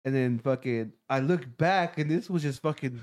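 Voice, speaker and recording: A man telling a profane story to friends, animated and laughing as he goes. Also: medium pitch, normal speed. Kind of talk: casual storytelling among friends.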